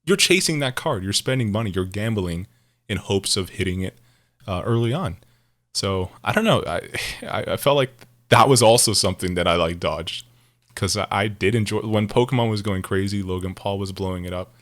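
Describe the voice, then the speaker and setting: A man with a fairly low voice chats loosely on a podcast. He rambles, circles back to the same points, and laughs easily, dropping the odd swear word. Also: moderate pace, a bit bright. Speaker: podcast co-host. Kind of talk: casual chat.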